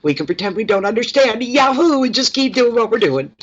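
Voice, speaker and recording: A woman's voice: fairly high pitch, sing-song, fairly quick, lo-fi sound, a little hiss or hum, pitched above the performer's own voice. Woman as naughty pet dogs, teasing and defiant, raised voice. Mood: gleeful. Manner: playful, teasing. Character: pair of mischievous pet dogs, gleeful and defiant.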